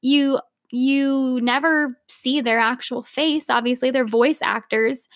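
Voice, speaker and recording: A young adult woman co-hosting a podcast in casual chat, talkative and quick to laugh, with lots of "like". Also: sits high, steady tone, no echo, clean studio sound. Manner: chatty, lots of "like", laughs easily. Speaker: podcast co-host.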